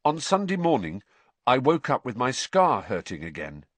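A man voicing an earnest, troubled teenage boy in a storybook reading, in a raised pitch. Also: huge pitch swings, normal speed, no echo.

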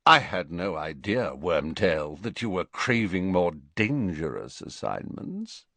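A man voicing a cold, sneering wizard who speaks slowly, lazily and silkily with a mocking edge, in a storybook reading. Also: lowish voice, big pitch swings, gravelly, no room sound, exaggerated voice. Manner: slow, lazy, silky, mocking.

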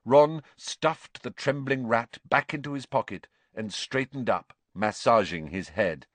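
A man narrating a storybook in an expressive, animated reading. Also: mid-range voice, unhurried, no room sound. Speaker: audiobook narrator.

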